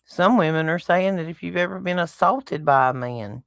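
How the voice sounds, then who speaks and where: Blunt Southern woman, low voice. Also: moderate pace, no room sound, studio quality. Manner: blunt, folksy, lectures with homespun analogies. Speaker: podcast co-host. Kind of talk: casual chat.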